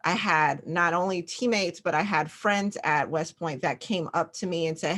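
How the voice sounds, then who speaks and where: A woman's voice: on the low side, normal speed, few pauses, a bit bright. A young adult woman hosting an interview, sharing her own story in a reflective, open way. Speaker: host. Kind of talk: conversational interview.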